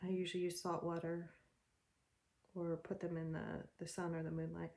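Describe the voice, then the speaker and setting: A woman's voice: on the low side, monotone, normal speed, mellow. A woman giving a general tarot reading, talking in an encouraging, chatty way and laughing often. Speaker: tarot reader.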